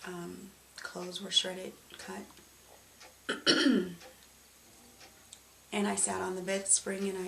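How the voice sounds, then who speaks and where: A woman giving a candid, emotional personal testimony, speaking haltingly with pauses and fillers. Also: fairly low pitch, completely flat delivery, creaky, bright, forceful tone. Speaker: survivor telling her story. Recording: roomy, distant mic, faint noise.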